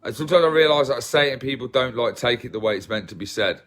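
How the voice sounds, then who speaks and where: Very fast and animated, this medium-pitched, slightly bright voice comes from an English livestream host from England with an English accent. He chats casually with his viewers, rambling and self-deprecating.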